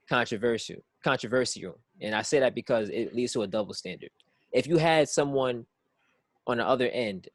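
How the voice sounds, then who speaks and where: A man's voice: medium pitch, dry recording. Man, podcast co-host, casual rambling talk, repeats words, dry close sound. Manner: rambling, circling back with "it's like"; repeats words while thinking.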